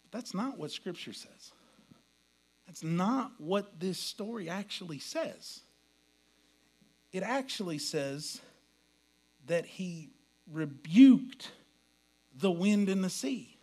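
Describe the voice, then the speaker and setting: A man preaching a sermon as pastor, folksy and storytelling, dropping to a hush and rising to loud quoted lines. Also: high voice, lively intonation, takes it slowly, long pauses.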